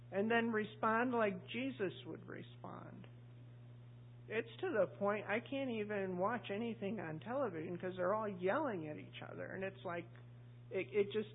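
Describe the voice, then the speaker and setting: Woman preacher, husky, conversational delivery with questions to the room; tinny, phone-like recording. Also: mid-range voice. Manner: chatty, asks the congregation questions, acts out voices. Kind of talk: conversational sermon.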